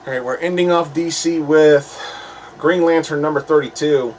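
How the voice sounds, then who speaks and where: A man's voice: a little high, moderate pace, a little mellow. A man hosting a casual comic book review, rambling with fillers, laughs and the odd swear word. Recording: distant mic with faint background noise.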